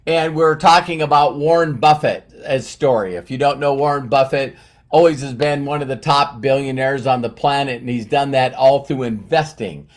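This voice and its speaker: A man's voice: medium pitch, moderate pace. A man hosting a live stream, chatting to viewers, greeting them by name and using lots of fillers. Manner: uses many fillers and repeats words. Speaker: livestream host.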